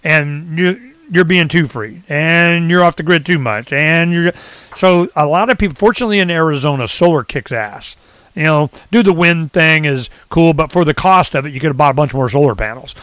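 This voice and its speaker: A man talking in a casual rant, rambling and animated, often acting out what others say. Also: on the high side, moderate pace, smooth, no echo. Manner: rambling, animated, swings into quoted voices. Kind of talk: casual ranting chat.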